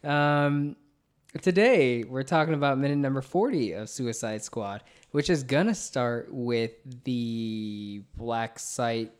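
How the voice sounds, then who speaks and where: A man's voice: mid-range voice, slow pace, clear, resonant tone. A man hosting a podcast in casual chat, upbeat and laughing often, with frequent fillers. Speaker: podcast host.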